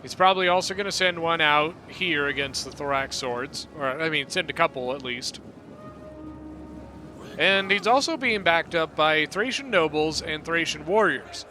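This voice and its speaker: A man giving relaxed, rambling play-by-play commentary on a strategy game battle, often correcting himself mid-sentence. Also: on the high side, moderate pace. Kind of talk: casual gameplay commentary.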